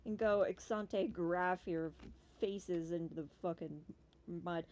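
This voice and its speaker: A woman's voice: lowish voice, fairly even intonation, takes it slowly, a little mellow. A woman giving casual, chatty commentary while playing a game demo, talking with bursts of swearing and playful silly noises. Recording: slightly dull lo-fi sound.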